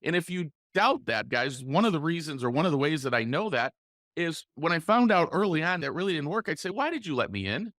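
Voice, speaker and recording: Fairly high-voiced man, coaching podcast host. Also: lively intonation, a bit bright, no echo, studio quality. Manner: coaching, role-plays sales calls with deliberate pauses and inflection. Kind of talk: solo podcast coaching talk.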